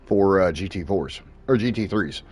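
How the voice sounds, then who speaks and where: A man's voice: sits low, lively intonation, moderate pace, a little mellow. A man casually talking racing tips while playing a racing sim, swearing freely and laughing often. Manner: profane, laid-back, laughs often. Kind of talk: casual gameplay commentary.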